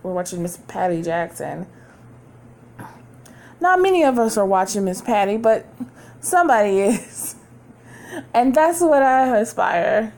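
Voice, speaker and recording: A woman's voice: medium pitch, a little mellow. A woman hosting a podcast from home, talking in a candid, chatty way and laughing often. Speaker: podcast host. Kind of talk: casual chat.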